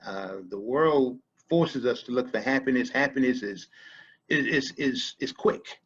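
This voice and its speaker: Male podcast guest, husky voice, thoughtful and halting, muffled lo-fi audio. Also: mid-range voice. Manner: halting, repeats words, reflective. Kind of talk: casual conversation.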